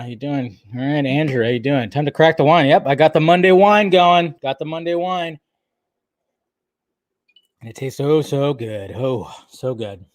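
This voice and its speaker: A man's voice: on the high side, dry recording, clean studio sound. A man hosting a casual live stream, chatting and joking while he greets viewers by name.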